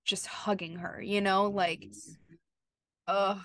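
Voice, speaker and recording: A woman co-hosting a podcast, talking in an easy, emphatic way and peppering her sentences with filler words. Her voice sits in a middle pitch, and the recording is dry, with no room sound. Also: flat delivery, slow, fairly bright tone, no echo. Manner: chatty and emphatic, lots of "like" and "you know". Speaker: podcast co-host. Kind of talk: casual chat.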